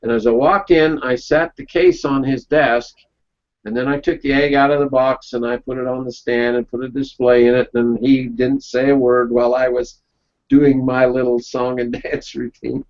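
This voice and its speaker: A man of ordinary pitch leads a relaxed round-table discussion, spinning folksy anecdotes and pausing to check in with the room. His voice comes through a dull, lo-fi recording that takes the shine off the highs. The talk is casual and unscripted. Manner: folksy storytelling, checks in with "okay?". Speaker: webinar presenter.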